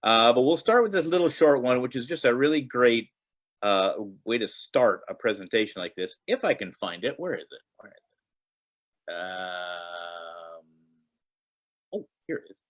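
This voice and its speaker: A man giving a relaxed, chatty talk on a video call, telling stories with many fillers and restarts. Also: mid-range voice, measured pace, long pauses. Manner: conversational storytelling with fillers and restarts. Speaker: guest presenter on film preservation. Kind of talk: casual virtual presentation. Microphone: computer mic on video call.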